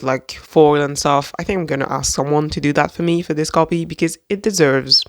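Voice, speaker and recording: A book vlogger chatting casually and gushing excitedly about a secondhand book haul, rambling with lots of fillers. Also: medium pitch, gravelly, no echo, studio quality. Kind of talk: reading a poem aloud.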